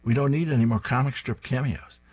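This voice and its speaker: A man reading aloud and voicing a brisk, exasperated woman from a comic strip. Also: medium pitch, a little mellow, lightly acted.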